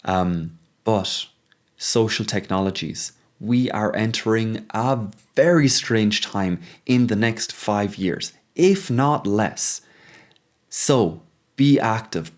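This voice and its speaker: A man hosting a reflective monologue, thinking aloud with frequent pauses and restarts, growing urgent as he goes. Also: fairly low pitch. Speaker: podcast host.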